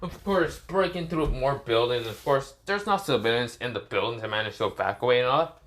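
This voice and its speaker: A man's voice: medium pitch, animated, fairly quick, a bit bright. A man casually telling an improvised fan story, rambling and correcting himself with many fillers.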